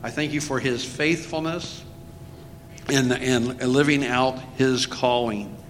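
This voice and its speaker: A man, the pastor, announcing an offering and leading an earnest prayer with pauses and fillers. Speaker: pastor introducing the speaker. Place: church. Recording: long hall reverb with faint rumble.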